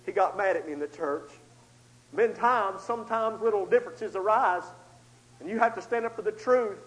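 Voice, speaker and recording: A man preaching a storytelling sermon, swinging between loud outbursts and hushed asides. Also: high voice, normal speed, low-quality recording.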